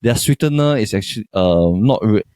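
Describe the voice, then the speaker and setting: A man's voice: on the low side, animated, a little fast, dark tone, clear, resonant tone. A man with a Singaporean English accent chatting and laughing easily on a casual podcast. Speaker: podcast co-host.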